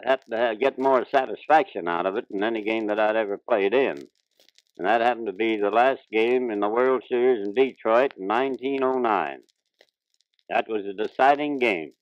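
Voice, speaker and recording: A man's voice: mid-range voice, no echo. An older man, a retired ballplayer, telling plainspoken folksy stories in a 1940s radio interview. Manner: plainspoken old-time storyteller, ungrammatical folksy speech. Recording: dull dry 1940s radio transcription.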